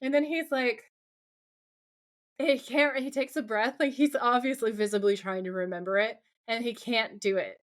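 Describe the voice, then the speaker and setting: A woman's voice: on the high side, moderate pace. A woman co-hosting a podcast, casually recapping a TV episode and reading out lines from its scenes. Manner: reads out quotes from the scenes, lively retelling. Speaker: podcast co-host.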